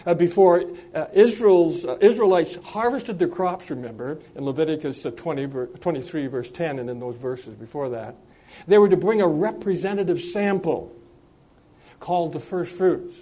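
A man preaching a sermon, speaking in a measured way with frequent hesitations and restarts, and slowing down and lifting his voice when he reads scripture aloud. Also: a little high, animated, warm tone. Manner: slows and lifts his voice when reading scripture.

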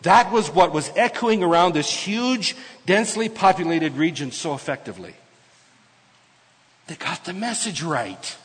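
A man's voice: sits high, very animated, a little slow, husky. Preaching man in an echoing hall. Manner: expository preaching, swings from soft asides to loud emphatic proclamation. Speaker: pastor. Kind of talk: sermon.

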